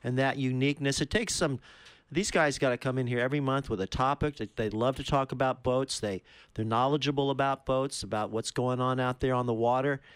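A man with a smooth, resonant voice recorded dry and close makes an earnest pledge drive appeal. He repeats the phone number and encourages listeners to call. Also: mid-range voice, fairly quick, no room sound. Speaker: radio fundraising host.

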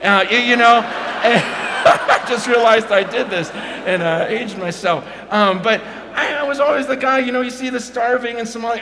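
A middle-aged man giving a passionate Christian testimony, stumbling over restarts and swinging from loud bursts to hushed murmurs. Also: very high voice, moderate pace. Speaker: Christian speaker. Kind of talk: personal testimony talk. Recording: long hall reverb, faint noise.

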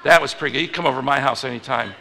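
A male pastor preaching a conversational sermon, moving from loud emphatic lines to hushed ones. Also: medium pitch, racing, creaky, over a noisy crowd, heavy background noise. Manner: conversational, animated, swings between loud and hushed. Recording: reverberant hall.

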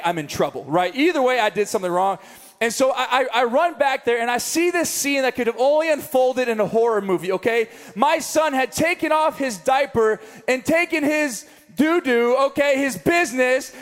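A young man preaching a sermon, telling a story with animated comic asides. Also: very high-pitched. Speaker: pastor. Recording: long reverb of a large hall.

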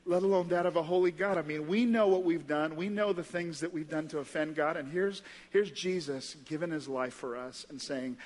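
In a large church hall with long reverb, an American man preaches as pastor, fairly quick and with hardly any pauses, his tone darkish. He tells the story conversationally, acting out voices with big jumps in pitch.

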